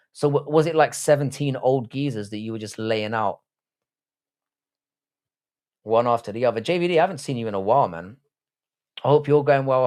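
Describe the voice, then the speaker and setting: A man's voice: medium pitch, darkish tone. Profane South London man hosting a livestream. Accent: South London English. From England. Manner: profane, blunt, banter reading chat aloud. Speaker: livestream host. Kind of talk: casual live watch-along chat.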